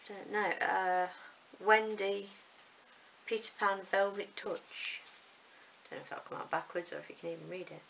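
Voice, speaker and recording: A woman's voice: medium pitch, normal speed, vocal fry, fairly bright tone, slight background noise, rough recording. A woman, chatting casually and rambling a little as she unboxes yarn. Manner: chatty, rambling, self-deprecating. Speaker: vlogger showing yarn.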